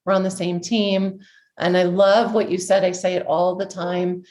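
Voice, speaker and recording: A woman's voice: lowish voice, little pitch movement, normal speed, darkish tone. A woman hosting a health coaching podcast, affirming her guest and leading into questions. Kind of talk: podcast interview.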